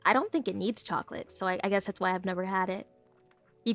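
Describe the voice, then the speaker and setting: A woman's voice: medium pitch, quick pace, a bit bright, no echo, soft background music. A young woman chatting casually on a live stream, giggling often and tripping over her words as she rambles to her viewers. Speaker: VTuber streamer.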